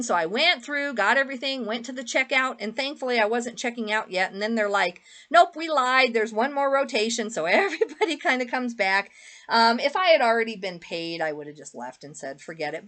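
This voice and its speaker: A woman's voice: fairly high pitch, fairly bright tone. A woman reseller chatting casually through a clothing haul, rambling with lots of fillers and asides. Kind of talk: casual haul vlog chat.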